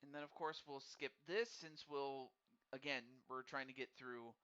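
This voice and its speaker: On a dull lo-fi recording, a man with a mid-range, clean voice that sounds pushed and bright talks at normal speed with fairly even intonation. He's hosting a live wrestling game stream, chatting warmly and directly with viewers, and he often stammers and repeats words as he works through his thoughts.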